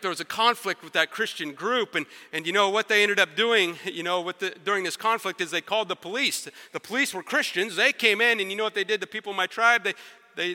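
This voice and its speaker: A man preaching a sermon as a story, animated and talking straight to the crowd, then dropping to quiet intensity. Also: high-pitched. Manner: animated, acts out quotes and sounds, drops to quiet intensity. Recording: long hall reverb.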